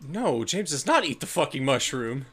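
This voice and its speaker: A man joking through a tabletop game with his friends, his pitch leaping all over as he laughs. Clear noise runs behind his voice. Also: big pitch swings, moderate pace. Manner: joking, laughing, bursts into shouted lines. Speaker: player. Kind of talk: casual tabletop game chat.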